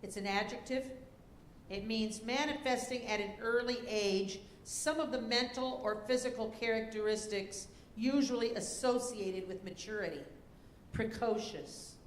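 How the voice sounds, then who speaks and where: A woman serving as a spelling bee pronouncer, reading words and definitions deliberately, spelling letters out slowly, and giving stage directions to contestants. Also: a little high. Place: school auditorium. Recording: echoey auditorium with faint noise.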